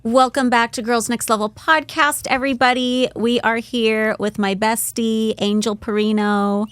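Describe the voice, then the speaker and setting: A woman in her thirties co-hosting a podcast, telling a story in a lively, casual way with lots of fillers. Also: fairly high pitch, moderate pace, no room sound. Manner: animated storyteller, many "like" fillers. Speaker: podcast co-host.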